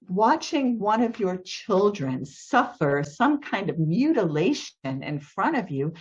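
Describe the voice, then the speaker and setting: A woman's voice: medium pitch, sing-song, moderate pace, few pauses, a little mellow. A woman telling a personal story to an audience, vivid and emotional, her voice jumping up at tense moments. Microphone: video call. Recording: slightly dull video call audio.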